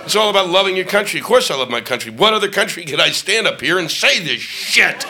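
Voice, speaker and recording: A man doing a stand-up comedy routine on stage, ranting and profane, shouting his punchlines. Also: sits high, animated, fast talker, a faint crowd. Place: comedy stage before a live audience. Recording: live club audio with ambient noise.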